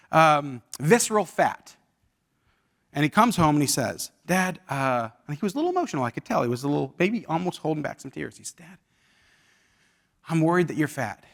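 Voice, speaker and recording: A man's voice: on the high side, creaky, fairly bright tone. A man in his forties presenting a leadership workshop, talking conversationally with the audience and telling stories. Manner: conversational storytelling with audience questions. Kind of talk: live workshop talk. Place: university event hall.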